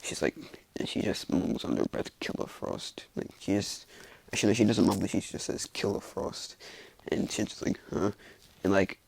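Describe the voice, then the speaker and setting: Gravelly low-voiced man rambling a story. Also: flat delivery, brisk, a little mellow, no room sound. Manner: rambling, constant filler words. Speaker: fan fiction storyteller. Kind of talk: casual improvised storytelling.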